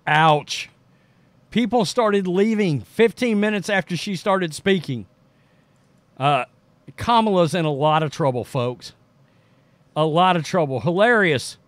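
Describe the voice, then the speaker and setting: A man from Texas runs his own commentary show, speaking in a fairly high voice. He keeps it casual and sarcastic, tossing in mocking one-liners. The sound is dry and close, with no room around it. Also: lively intonation, unhurried, pauses often, dry recording. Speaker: political commentary host.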